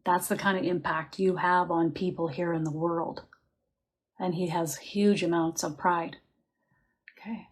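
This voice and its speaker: Lower-voiced woman giving a psychic reading. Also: steady tone, unhurried, husky. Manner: reassuring, chatty, often laughing softly; guides listeners to relax and feel answers in the body. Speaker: psychic medium. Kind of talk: live psychic reading answering viewer questions.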